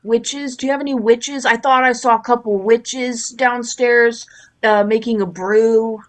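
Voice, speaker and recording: A woman's voice: a little high, steady tone, a little slow. Playful punning woman player. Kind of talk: casual tabletop play.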